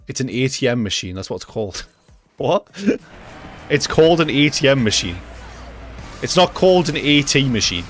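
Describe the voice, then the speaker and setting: Ranting young streamer. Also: male voice, medium pitch, fairly bright tone. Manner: jokey, ranting, reacts to chat, swears casually. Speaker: livestreamer. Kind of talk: casual gaming livestream chat.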